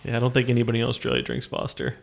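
A man's voice: mid-range voice, completely flat delivery, rapid-fire, vocal fry. A man chatting casually on a podcast, talking and chuckling along with the others. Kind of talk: casual chat.

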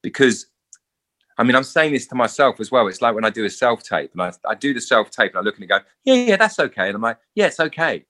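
A man's voice: medium pitch, quick pace. A man, an actor being interviewed, chatting casually and acting out the people in his stories. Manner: animated storyteller acting out quotes. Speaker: actor guest.

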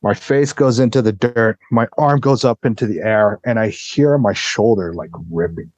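A man's voice: on the low side, moderate pace, darkish tone, dry recording, poor audio. A man on a podcast telling a story in a casual way, swearing freely and acting out what others said. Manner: vivid retelling, swears freely, acts out the voices of others.

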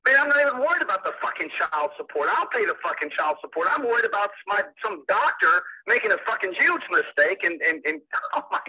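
A man's voice: high voice, very animated, quick pace, few pauses, sharp tone, husky. A man on a phone call, cursing in furious disbelief as a prank call victim. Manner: profane, furious, disbelieving outbursts. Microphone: telephone line.

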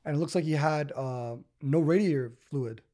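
A man's voice: fairly high pitch, moderate pace, mellow. A man, hosting a casual podcast and telling stories in a rambling way, full of "like" and "you know". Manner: rambling storyteller, many fillers like "like" and "you know". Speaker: podcast host.

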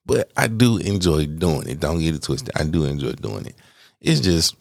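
This is a man with an extremely deep voice, the kind people tell him belongs on the radio. He hosts his own podcast and chats in a loose, rambling way, poking fun at himself, laughing between phrases and swearing freely. The sound is dry and close, with no room around it. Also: very animated, moderate pace, creaky, darkish tone, dry recording. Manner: candid, rambling, self-deprecating. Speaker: podcast host. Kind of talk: casual solo podcast chat.

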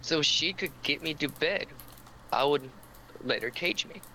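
A man's voice: fairly high pitch, measured pace, pushed and bright, a little hiss or hum, poor audio. A man co-hosting a podcast, telling a long story in casual chat, rambling with lots of fillers, and stammering when he gets teased. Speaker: podcast co-host.

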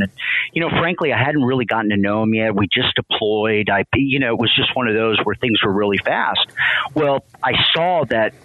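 A man, a veteran and company president, telling a heartfelt story as an interview guest, halting often and restarting his sentences. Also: fairly low pitch, no room sound. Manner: emotional, halting, many restarts. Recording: tinny phone line, dry.

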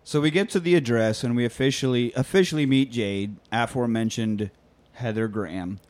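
A man's voice: medium pitch, a little fast. A man co-hosting a podcast, retelling a film scene by scene in casual, profane chat and acting out the characters' lines. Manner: animated, profane storytelling with quoted voices. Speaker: podcast co-host recapping a film.

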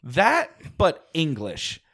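A man co-hosting a casual chat, animated and swearing, sliding into silly impressions now and then. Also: fairly high pitch, drawn-out words. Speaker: podcast co-host.

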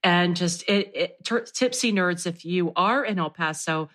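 A woman hosting a podcast in a casual chat, bubbly and quick to laugh. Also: on the low side, fairly bright tone. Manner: bubbly, laughs often, gushing. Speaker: podcast host.

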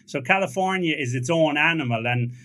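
A man's voice: on the high side, fairly quick, pushed and bright. Easygoing Irish man hosting a chat. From Ireland. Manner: easygoing, chatty, with restarts. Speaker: podcast host. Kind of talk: casual interview chat. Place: home music studio.

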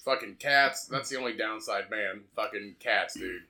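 Bright-voiced young man, blunt and profane. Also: on the low side, normal speed. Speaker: podcast co-host. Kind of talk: casual chat.

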